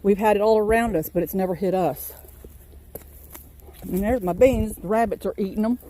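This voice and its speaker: Mellow-voiced woman touring her garden. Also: mid-range voice, moderate pace. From Virginia, USA. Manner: rambling, homespun, chatty. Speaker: farm vlogger. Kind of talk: casual garden tour. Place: outdoor vegetable garden.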